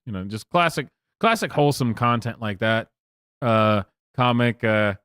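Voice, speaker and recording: A man's voice: on the low side, a little slow, pauses often, fairly bright tone, smooth, dry recording, studio quality. A man streaming live, rambling through profane commentary with many fillers and restarts. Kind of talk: casual livestream commentary.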